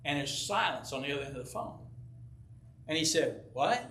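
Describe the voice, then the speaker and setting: A man's voice: mid-range voice, expressive, brisk, pushed and bright. An older man preaching a sermon and telling a folksy personal story, playing out the voices of the people in it. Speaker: pastor. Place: church sanctuary. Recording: echoey church from a distance.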